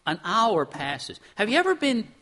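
High-voiced pennsylvania guy preaching, bright forceful tone, chatty w lots of questions to the pews. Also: wildly swooping pitch, moderate pace. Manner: conversational preaching with rhetorical questions, acts out quotes; repeats words as he restarts. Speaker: pastor. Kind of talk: sermon.

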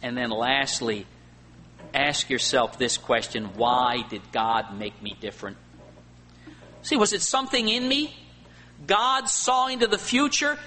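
Guy preaching a sermon, bright forceful voice, goes loud then drops quiet, long reverb and faint hum. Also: sits high. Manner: preaching with swings between loud emphasis and quiet asides. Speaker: pastor.

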